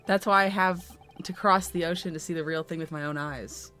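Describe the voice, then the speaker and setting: A woman's voice: lowish voice, steady tone, brisk, fairly bright tone, soft background music, natural voice. A woman voicing a proud, ambitious young male law student while reading game dialogue aloud on a stream, in a dry, self-assured way. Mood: determined.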